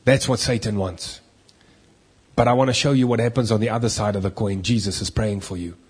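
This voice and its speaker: A male pastor preaching a sermon, emphatic, swinging between loud declarations and hushed, low lines. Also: fairly even intonation, fairly quick, husky.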